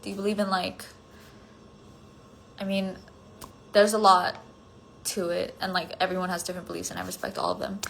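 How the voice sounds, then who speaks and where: A woman's voice: fairly low pitch, normal speed, creaky, pauses often, slight background noise. A tired woman chatting casually on a livestream, answering fan comments and rambling with lots of filler words. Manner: rambling, many "like" fillers, drifting thoughts; drops to a soft near-whisper at times. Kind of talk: casual chat on a solo phone livestream.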